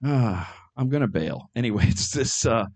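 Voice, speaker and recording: Middle-aged man doing hesitant deadpan stand-up. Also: mid-range voice, moderate pace, crowd noise. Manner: deadpan absurd jokes, frequent ums and uhs. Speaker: stand-up comedian. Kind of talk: stand-up comedy set.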